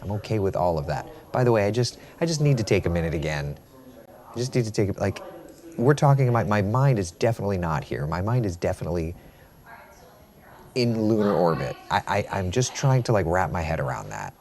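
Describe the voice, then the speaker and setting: A man with a somewhat low voice chats casually with viewers on a live stream, repeating his phrases and reading out their comments. He moves from small talk into a weather and travel forecast in a loose, unscripted way. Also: expressive, brisk, darkish tone. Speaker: TV meteorologist hosting a live stream.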